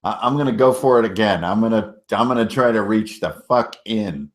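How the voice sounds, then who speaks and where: A man's voice: fairly low pitch, brisk. A man playing a tabletop game who speaks casually and jokes bluntly as he describes his character's moves. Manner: jokey, blunt, swears casually. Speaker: player.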